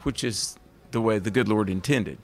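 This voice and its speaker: Here a man with a fairly low pitch and some vocal fry speaks at a moderate pace. He's a radio host with a Southern US accent, rambling happily and enthusiastically through a relaxed interview chat.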